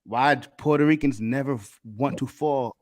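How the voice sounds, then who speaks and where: Casting: male stream host, easygoing and slangy, mid-pitched, quick to laugh. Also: a little mellow. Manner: laid-back, slangy, laughs easily. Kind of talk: casual chat.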